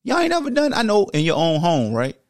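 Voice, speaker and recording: Man, sports podcast host, emphatic and repetitive, swings from low to high, dry close mic. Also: a little fast, no room sound. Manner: emphatic, repeats phrases, swings from low growl to high excited. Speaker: podcast host and former football player. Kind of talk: impassioned monologue.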